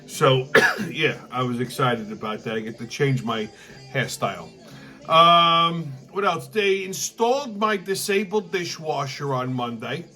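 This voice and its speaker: A man's voice: a little high, sharp tone. Profane, rambling New man. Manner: profane, rambling, with frequent restarts. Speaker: channel host. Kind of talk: casual vlog monologue.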